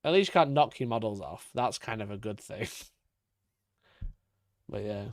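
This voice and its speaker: A man's voice: on the low side, expressive, moderate pace, no echo, studio quality. A young man chatting casually on a live stream, swearing freely, laughing often and talking to his cat between comments.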